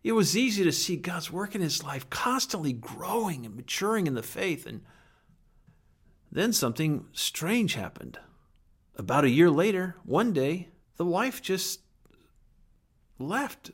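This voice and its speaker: A man preaching a sermon in an earnest, emphatic way, with dramatic pauses and some words dropped almost to a whisper. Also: sits high, very animated, breathy edge. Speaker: pastor.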